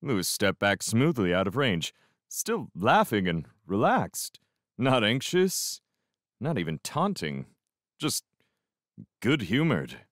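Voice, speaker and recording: A man reading a novel aloud as an expressive first-person fan audiobook narrator. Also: fairly low pitch, slow, pauses often, dry recording, clean studio sound. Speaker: audiobook reader.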